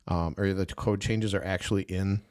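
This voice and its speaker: Musing low-voiced podcast host. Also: male voice, steady tone, normal speed, darkish tone, no room sound. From Wisconsin. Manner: musing, hesitant, with many restarts. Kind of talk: conversational podcast interview.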